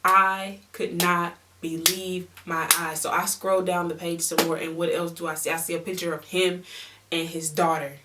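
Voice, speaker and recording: A young woman telling a story on her vlog in a casual, animated, slangy way, repeating words for emphasis. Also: on the low side, normal speed, recorded from a distance, noisy background. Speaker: beauty vlogger.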